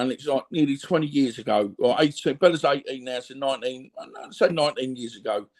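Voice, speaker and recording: A man's voice: mid-range voice, a little mellow. A middle-aged man with a Cockney accent talking candidly as an interview guest, rambling and tagging on "you know what I mean" asides. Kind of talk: candid reflective conversation.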